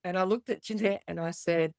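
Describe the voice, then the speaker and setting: A woman's voice: on the low side, steady tone, fairly quick, a little mellow, no echo. A middle-aged woman with an Australian accent, a podcast guest telling her story candidly and bluntly, swearing freely and acting out the voices of others.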